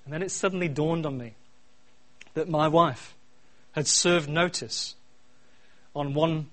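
A middle-aged man preaching a sermon, swinging from quiet asides to loud, repeated refrains. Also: fairly high pitch, a little slow. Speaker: pastor.

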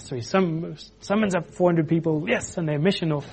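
A man preaching an informal sermon, animated, acting out quotes with frequent restarts. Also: fairly high pitch, normal speed, slightly rough.

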